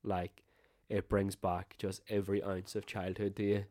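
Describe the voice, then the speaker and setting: Young man, lowish voice, dry close mic, sweary and laughing. Casual podcast co-host. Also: flat delivery, normal speed, warm tone, no room sound. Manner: swears a lot, laughs while telling stories. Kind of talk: casual chat.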